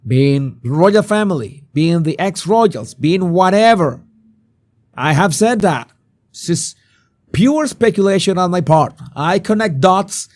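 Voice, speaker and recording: Hoarse man, slow and high. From Venezuela. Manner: animated, rhetorical questions, repeats words. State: hoarse, sore throat. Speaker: host. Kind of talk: live-stream commentary.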